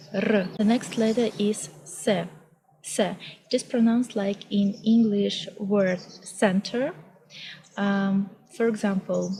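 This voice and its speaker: A young woman with a Russian accent, a native Russian speaker, teaching the alphabet in a vlog lesson. She speaks slowly and carefully, saying each example word twice, and records outdoors. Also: mid-range voice, mellow, low-quality recording. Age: young adult. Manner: slow and deliberate, repeats each word. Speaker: language teacher. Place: outdoors on a hot day.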